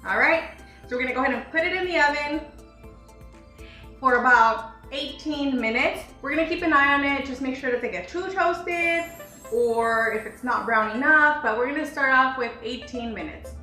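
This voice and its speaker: Bright, forceful, and high-pitched, a woman speaks at a moderate pace while hosting a relaxed home cooking demo for her channel. Her talk is chatty and teasing, packed with fillers, against faint music in an echoey kitchen.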